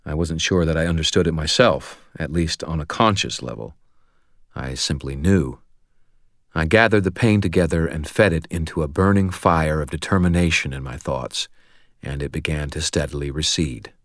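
A man narrating a first-person audiobook in a steady, measured, wry way. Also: a bass voice, no echo, studio quality.

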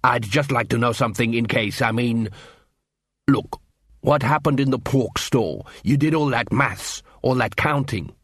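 A man doing a sharp, reasoning dwarf. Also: medium pitch, slightly rough, dry recording, clean studio sound. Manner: quick-thinking, explaining, reasoning aloud. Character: sharp, curious young male dwarf. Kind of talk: audiobook character voice.

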